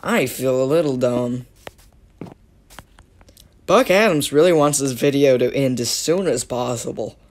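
A woman's voice: rumbling low, a little slow, long pauses. A woman giving casual, playful commentary on her own gameplay, teasing and self-mocking and dropping silly sound words as she goes. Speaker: gaming video creator.

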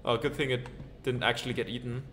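A man's voice: medium pitch, flat delivery, fast, a bit bright, a little hiss or hum. A man playing through a comedy game, reading its text aloud and joking around. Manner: playful, reads narration aloud with goofy asides. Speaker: gaming channel host. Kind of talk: let's-play commentary reading game text.

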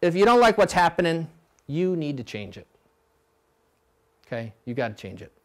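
A middle-aged man coaching coxswains at a clinic, blunt and animated, now and then mimicking rowers in a high voice. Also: normal speed. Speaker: rowing coach.

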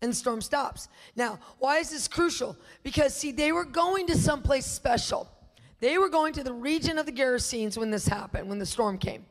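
A woman's voice: high voice, animated, normal speed, long reverb tail. A woman minister preaching a sermon, emphatic and full of rhetorical questions to her listeners. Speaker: guest minister teaching.

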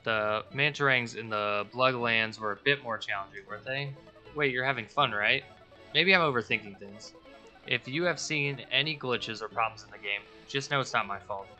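A man's voice: medium pitch, normal speed, pushed and bright, soft background music. A man voicing an anxious, needy male AI companion in a video game, speaking earnestly and fretfully. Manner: earnest, fretful, reading in character.

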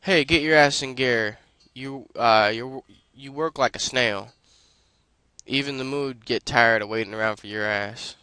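A man's voice: mid-range voice, unhurried, bright, forceful tone, smooth, no room sound, rough recording. A man reading out a bitter, foul-mouthed middle-aged male rocket pilot, swearing and stumbling over his lines while reading. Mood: scolding. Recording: faint game music behind.

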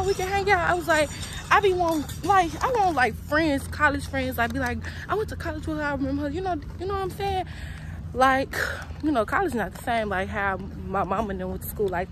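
A young woman, her voice pitched a little high, chatting to her followers as she walks across campus. She talks loose and slangy and keeps calling her viewers y'all. Traffic rumbles clearly behind her, caught on a handheld phone. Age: young adult. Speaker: college student vlogger. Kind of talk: casual walk-and-talk vlog. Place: outdoors and indoors around a college campus. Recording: outdoor traffic noise behind.

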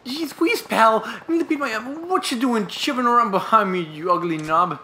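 A man doing a jumpy high punk singer, bluster and squeals. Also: expressive, moderate pace, pushed and bright, slight background noise. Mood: panicky. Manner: flips between cowering squeals and tough-guy bluster. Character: jumpy punk band singer, swaggering then panicky. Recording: roomy echo, faint game music.

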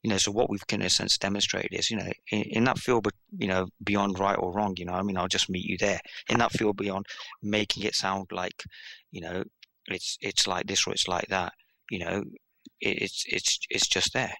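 A man with a British accent, a guest telling a spiritual teaching story in an excitable, rambling, playful way. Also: low-pitched, normal speed, vocal fry, no echo. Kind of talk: animated storytelling in conversation.

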